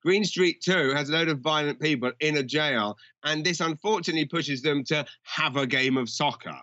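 A man's voice: fairly high pitch, moderate pace, pushed and bright, dry recording, lo-fi sound. A man co-hosting a film podcast, chatting casually with a rambling, restart-heavy delivery. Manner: rambling, lots of restarts and fillers. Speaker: podcast co-host.

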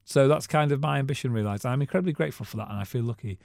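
A man's voice: mid-range voice, rapid-fire, gravelly, a little mellow, no room sound, clean studio sound. A tired man, co-hosting a casual radio chat and teasing his friend with plenty of laughs. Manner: chatty, laughs often, teasing. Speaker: podcast co-host, newspaper editor. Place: radio studio. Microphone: studio microphone.

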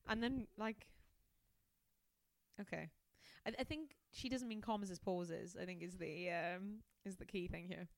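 A woman's voice: on the low side, a little slow, vocal fry, no echo. A woman guest on a podcast, reading passages from a detective novel aloud and breaking off for amused, laughing asides. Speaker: podcast guest, comedian and scientist.

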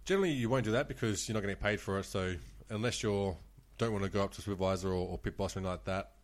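Fast-talking, low-voiced Australian man. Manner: laid-back, swears a lot, laughs often. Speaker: podcast co-host, former croupier. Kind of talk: casual storytelling chat.

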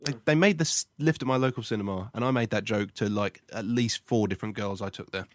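A man's voice: fairly low pitch, fairly quick, dry recording. A man on a comedy panel telling self-mocking stories in a dry manner. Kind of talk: casual comedy chat.

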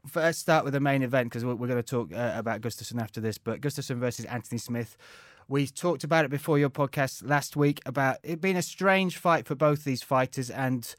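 A man's voice: mid-range voice, no room sound, clean studio sound. An Irish man in his forties hosting a podcast, chatty and teasing in casual banter. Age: 40s. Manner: teasing, chatty, quick-witted. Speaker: podcast host.

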